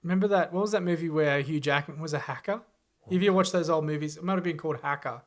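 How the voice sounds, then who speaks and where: A young man co-hosting a comedy podcast, excitedly throwing out ideas and acting out lines. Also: fairly high pitch, fast talker. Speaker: podcast co-host. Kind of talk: casual comedic chat, brainstorming.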